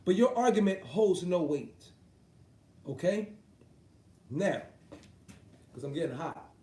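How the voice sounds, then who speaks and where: High-pitched man on a profane boxing rant. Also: animated, slow pace, mellow, reverberant. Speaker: boxing commentator ranting to his live chat.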